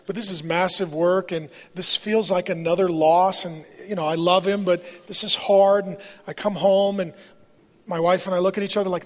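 This pastor, a man in his forties, has a high-pitched voice and keeps a moderate pace. He preaches in a big church auditorium, weaving frank, conversational personal stories into his sermon, and the large hall leaves a long reverb.

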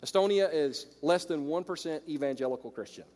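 Energetic Southern pastor in a big hall. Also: male voice, fairly high pitch, a little fast, soft background music. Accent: American Southern. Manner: energetic, swings from loud exclaims to quiet storytelling. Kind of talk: sermon. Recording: long reverb of a large hall.

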